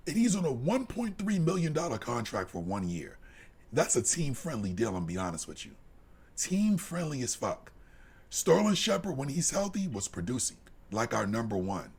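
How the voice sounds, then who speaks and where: A man co-hosting a live sports podcast, delivering a heated, profane rant that drops to low mutters and climbs to shouts. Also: breathy edge. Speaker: podcast co-host.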